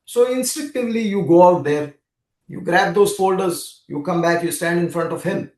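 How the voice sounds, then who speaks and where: A man's voice: sits high, moderate pace, darkish tone. Earnest man telling a spiritual story. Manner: earnest, storytelling, addresses the listener directly. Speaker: spiritual speaker and regression therapist. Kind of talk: guided spiritual talk to the listener. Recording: roomy echo.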